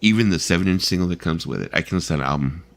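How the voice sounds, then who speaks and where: A man's voice: sits low, animated, racing, vocal fry. A man hosting a casual livestream chat about albums, enthusiastic and emphatic, repeating himself and swearing casually. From California. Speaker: livestream host. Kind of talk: casual group chat reacting to an album list.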